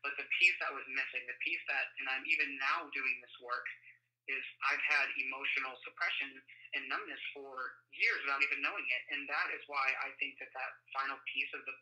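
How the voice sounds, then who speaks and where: A man, a guest speaker, telling a personal story in an interview, halting and full of fillers and restarts. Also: mid-range voice, fairly even intonation, pushed and bright, rough recording.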